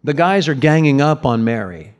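A man's voice: a little high, lively intonation, moderate pace, clear, resonant tone. Conversational, emphatic male preacher. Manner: conversational, emphatic, repeats words when stressing a point. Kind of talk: sermon.

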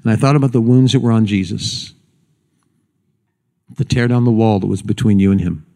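Male pastor preaching, homey storyteller, goes slow and quiet for the serious bits. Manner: folksy storyteller, slows and drops low for solemn points. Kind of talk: sermon with storytelling.

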